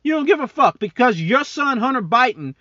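A man's voice: extremely high pitch, sing-song, a little fast, bright, forceful tone, dry recording, highs cut off. A man hosting a podcast, ranting angrily about politics with heavy profanity and mocking asides; he talks as a serving military member. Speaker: podcast host. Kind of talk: angry political rant.

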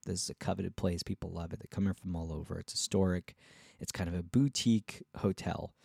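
A touring musician telling a casual story, rambling with frequent restarts and acting out what other people said. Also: male voice, low-pitched, steady tone, brisk, vocal fry, a little mellow, slightly rough, no room sound, studio quality. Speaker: touring musician and podcast host.

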